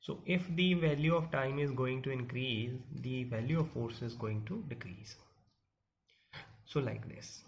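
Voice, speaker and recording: A man gives a physics lesson. His voice has a gravelly edge, and he repeats points and asks the class questions as he goes. The recording is dull and lo-fi with a faint hiss underneath. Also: medium pitch, a little slow. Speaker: physics teacher. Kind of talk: classroom lecture.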